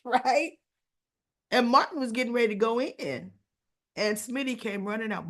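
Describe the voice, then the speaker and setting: A woman's voice: a little high, measured pace. A woman recapping a soap opera episode in a chatty, casual way, quoting the characters' lines as she tells the story.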